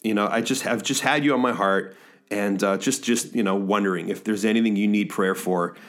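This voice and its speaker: A middle-aged male pastor talking earnestly to small-group leaders on a podcast, halting often with restarts and fillers. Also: fairly low pitch.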